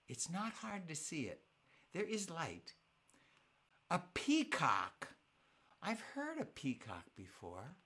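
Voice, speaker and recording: A man's voice: mid-range voice, bright, forceful tone. A man hosting a live family concert, chatting playfully with his audience, telling stories and reading their comments aloud. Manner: playful, storytelling, reads viewer comments aloud. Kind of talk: casual chat with online audience.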